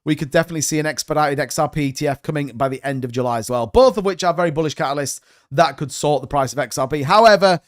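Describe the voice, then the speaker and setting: A man's voice: on the high side, quick pace. A man hosting a live stream, giving rambling, chatty market commentary full of hedges. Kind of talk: casual crypto market commentary.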